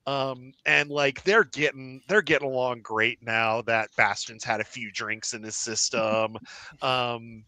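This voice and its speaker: A man's voice: medium pitch, steady tone, a little slow, bright, forceful tone, no room sound. A man narrating a tabletop game as game master, rambling with many fillers and frequent laughs.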